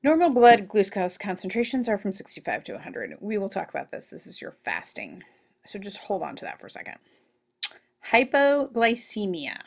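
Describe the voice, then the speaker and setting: A woman teacher giving a recorded classroom lecture in an animated, joking way, full of asides. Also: medium pitch, normal speed, vocal fry.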